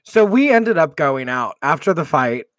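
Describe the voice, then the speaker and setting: A man from Texas, a podcast co-host, telling a personal story in casual chat with lively, vivid detail and some swearing. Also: a little high, normal speed, dry recording. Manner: animated, vivid storyteller who swears freely.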